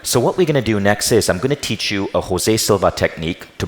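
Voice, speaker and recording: Man telling stories on stage, low voice. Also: moderate pace, hardly any pauses. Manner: animated, acts out quoted dialogue. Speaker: speaker teaching meditation. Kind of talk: storytelling stage talk. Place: large hall with live audience. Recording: reverberant hall.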